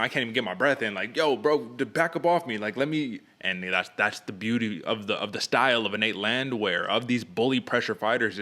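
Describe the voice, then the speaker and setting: A young adult man co-hosting a podcast, recapping fights in casual, energetic chat and saying "man" a lot. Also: lowish voice. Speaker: podcast co-host.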